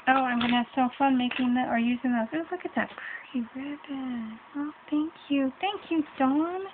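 A woman's voice: high-pitched, moderate pace. A middle-aged woman chatting casually in her home hallway as she opens a craft swap package, gushing and exclaiming over each item. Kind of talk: casual unboxing chat. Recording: tinny lo-fi audio with hiss.

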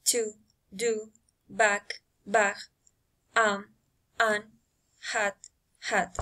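A woman reading English pronunciation and intonation drills aloud, slowly and carefully, one word or phrase at a time. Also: medium pitch, flat delivery, sharp tone, low-quality recording. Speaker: English learner.

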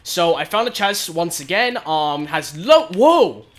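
A young man giving excited commentary on his own gameplay, often exclaiming and shouting as things happen. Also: on the high side, unhurried. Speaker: gaming video host.

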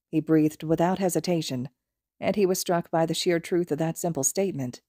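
A woman narrating fan fiction as an audiobook, in a calm, even storytelling manner. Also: deep voice, fairly quick, dry recording, studio quality. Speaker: podfic reader.

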